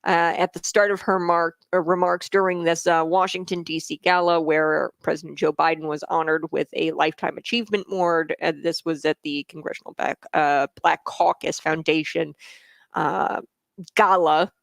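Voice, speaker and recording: Woman talk radio host with a low, dry studio voice, opinionated and dismissive, plenty of uh's. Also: fairly even intonation, normal speed, creaky, no room sound. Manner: blunt and scornful, with frequent "uh" fillers and "okay?" tags. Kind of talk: opinionated political radio commentary.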